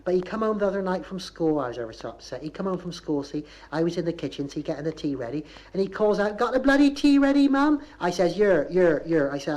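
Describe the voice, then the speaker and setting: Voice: mid-range voice, darkish tone, natural voice. A comic performer voicing a rambling Bristol housewife and mum who keeps scolding her dog, on a 1970s comedy record. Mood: indignant.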